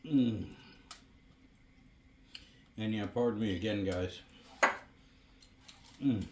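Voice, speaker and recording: Speaking slowly with frequent pauses, a man with a fairly low voice hosts a laid-back DIY cooking vlog shot on a phone camera by the woodstove in his home kitchen. He murmurs and apologizes while savoring what he tastes, and a little hiss or hum sits under the audio.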